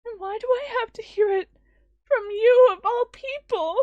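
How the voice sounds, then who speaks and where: A woman voicing a shy, gentle teenage girl from a visual novel, speaking softly and sobbing. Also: moderate pace, no echo, dull audio. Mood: tearful. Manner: soft, high and sobbing.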